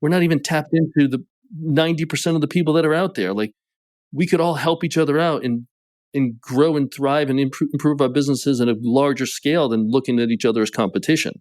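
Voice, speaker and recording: A man with a New England accent, talking as a podcast guest and business coach in a casual, animated way, full of "like" fillers. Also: mid-range voice, quick pace, no echo, clean studio sound. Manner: animated storytelling, many "like" fillers. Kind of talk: casual conversation.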